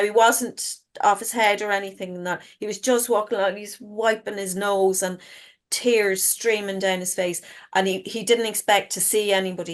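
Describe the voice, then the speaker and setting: A middle-aged woman, a guest author telling stories frankly in casual chat and swearing freely. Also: mid-range voice. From Ireland.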